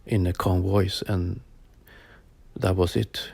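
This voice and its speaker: A man in his forties recounts a personal experience slowly and haltingly, pausing often. His low voice is heavily gravelly, dark and husky. He keeps his phrasing plain and simple. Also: little pitch movement, dry recording. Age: 40s. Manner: halting, plain phrasing with frequent pauses and fillers. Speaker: storyteller sharing a personal experience. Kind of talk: personal spoken account.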